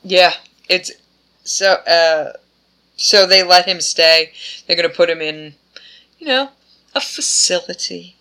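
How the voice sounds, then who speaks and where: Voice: mid-range voice, slow pace, pauses often, bright, forceful tone. A podcast co-host in casual chat who rambles and slips into offhand character voices.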